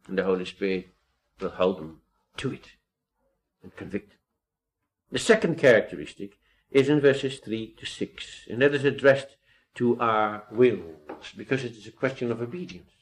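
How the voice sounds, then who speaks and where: A man's voice: on the low side, expressive, normal speed. A man preaching an expository Bible sermon, reading old-style scripture aloud and stressing key points with earnest rhetorical questions. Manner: quotes old-style scripture and builds to emphatic rises.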